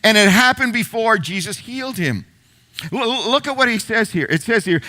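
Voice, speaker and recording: A middle-aged man preaching a sermon as pastor, telling the story with repeated phrases and sudden hushed moments. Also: high-pitched, expressive, normal speed.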